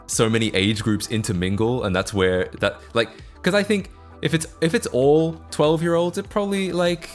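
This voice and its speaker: A man's voice: fairly high pitch, normal speed, few pauses, faint music behind. A young Australian man with an Australian accent, chatting casually on a live stream, self-mocking and laughing often as he answers chat.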